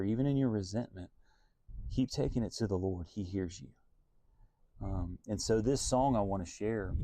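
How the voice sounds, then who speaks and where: A man's voice: on the low side, mellow, no echo. A man, a Christian singer-songwriter, giving an earnest, reflective devotional talk and thinking aloud as he goes.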